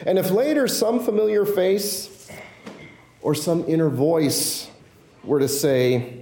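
A male pastor delivering a sermon, slowing and softening his voice on key phrases. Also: fairly high pitch, vocal fry, echoey room.

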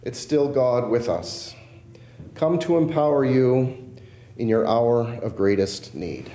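Gentle preaching man, echoey church. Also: medium pitch, expressive, a little hiss or hum. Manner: slows and softens on key phrases. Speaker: pastor. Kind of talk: sermon.

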